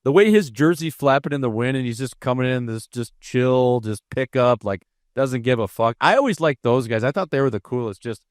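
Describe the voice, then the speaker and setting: A man's voice: medium pitch, expressive, a little fast, few pauses, no room sound, studio quality. A man co-hosting a hockey podcast, telling easygoing, rambling stories about teammates. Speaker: podcast co-host, former hockey player. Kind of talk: casual chat.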